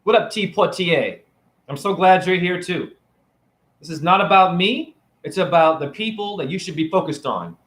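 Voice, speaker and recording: A man's voice: sits high, lively intonation, normal speed, fairly bright tone. A man live-streaming as a self-styled spiritual teacher to his chat, preachy and taunting, firing off rhetorical questions. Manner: preachy and taunting, keeps asking "right?". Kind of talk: live-stream rant to viewers. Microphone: phone camera.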